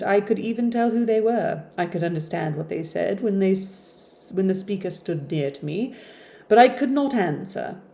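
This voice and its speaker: A woman with a low, mellow voice reads a classic novel aloud at an easy pace. She keeps stepping out of the text for chatty, playful, self-deprecating asides, and the result feels like an informal audiobook. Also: gravelly.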